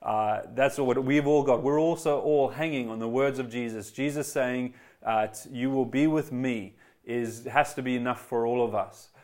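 A man's voice: medium pitch, normal speed, a little mellow. Man, pastor mid-sermon; eager, emphatic delivery that hammers repeated phrases. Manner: eager, addresses congregation directly. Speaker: preacher.

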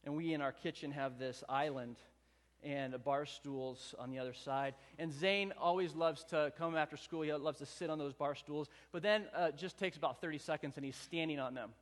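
A man's voice: on the high side, steady tone, normal speed. Man preaching in a reverberant hall. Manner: earnest storytelling, rising emphatic repetition. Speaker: pastor. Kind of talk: sermon.

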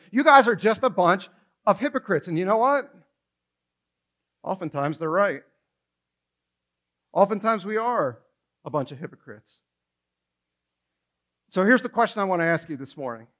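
High-voiced, animated male pastor preaching. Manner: animated, conversational preaching with rhetorical questions. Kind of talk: sermon.

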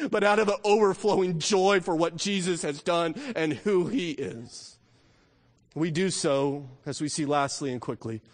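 A man preaching a sermon as a pastor, emphatic and full of rhetorical questions, swinging between loud declarations and quiet, hushed lines. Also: fairly high pitch. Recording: long reverb of a large hall.

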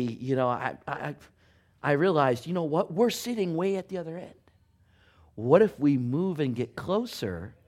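A middle-aged male pastor telling a self-mocking story in a conversational sermon, full of asides and rhetorical questions. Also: mid-range voice.

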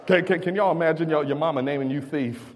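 High-voiced shouting preacher in a hall. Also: male voice, quick pace. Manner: call-and-response preaching, stammering restarts, rising to shouts. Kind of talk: sermon. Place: church. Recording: long reverb of a church hall.

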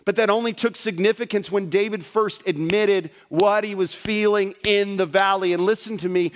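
A middle-aged man preaching a sermon to a congregation, direct and animated, swinging between loud emphasis and quiet. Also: high voice. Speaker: pastor. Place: church sanctuary before a congregation.

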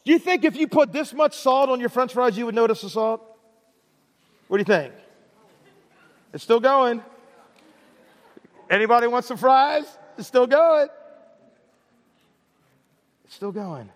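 A man's voice: very high voice, animated, moderate pace, long pauses. A middle-aged man preaching a sermon as pastor, talking in a conversational way, often repeating words and tagging lines with "right?". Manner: conversational preaching with repetitions and tag questions. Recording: large hall reverb.

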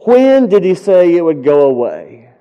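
Pastor preaching in an echoing hall. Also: male voice, sits high, sing-song, a little slow, smooth. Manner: earnest storytelling, rising to impassioned pleading prayers. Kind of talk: sermon. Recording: dull sound with long hall reverb.

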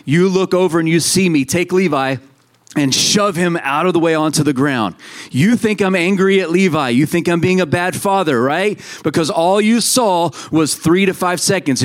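In this sermon, a male pastor in his thirties speaks to his congregation with a voice pitched a bit higher than most men's. His delivery is relaxed, chatty and animated, and he takes on quoted voices as he tells his stories.

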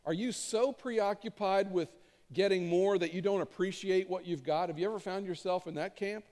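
Earnest pastor preaching in a big hall. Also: male voice, high-pitched, moderate pace, a little mellow. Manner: conversational, earnest, emphatic repetition. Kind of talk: sermon. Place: church auditorium stage. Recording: long reverb of a large hall.

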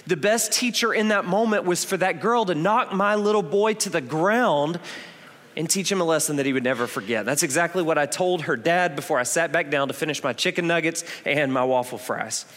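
A man's voice: on the high side, fairly bright tone. Man preaching a sermon in a reverberant hall. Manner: conversational storytelling, emphatic repetitions. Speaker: pastor. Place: church auditorium. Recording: long reverb of a church hall.

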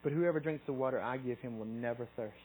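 Husky-voiced man preaching a sermon. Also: mid-range voice, fast talker, darkish tone, soft background music, poor audio. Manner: conversational, repeats words and restarts often; reads scripture aloud.

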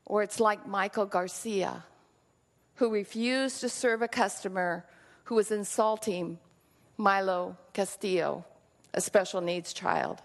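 A woman's voice: medium pitch, fairly bright tone. A woman preaching a sermon in a church, earnest and reflective, telling a story and drawing a lesson from it. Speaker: pastor. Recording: long reverb of a large hall.

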